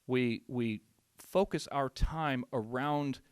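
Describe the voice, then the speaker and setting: A man teaching drums, talking through a song in a relaxed way and often checking in with "right?". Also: medium pitch, takes it slowly, smooth, dry recording. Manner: thinks aloud with restarts, says "right?" often. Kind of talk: relaxed instructional talk. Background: loud music and drum track.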